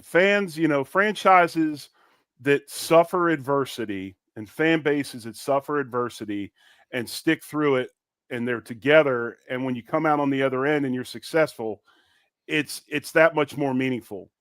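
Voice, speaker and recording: A man co-hosts a sports podcast in casual sports talk, speaking with passion and emphasis and repeating words when he gets worked up. His medium-pitched voice is smooth, a little slow and somewhat bright, captured in a clean studio with no echo.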